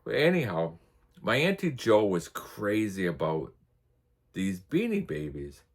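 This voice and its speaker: A man's voice: on the low side, wildly swooping pitch, measured pace. A man from the United States hosting a casual vlog, telling rambling anecdotes and chuckling as he goes. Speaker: vlog host. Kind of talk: casual storytelling chat.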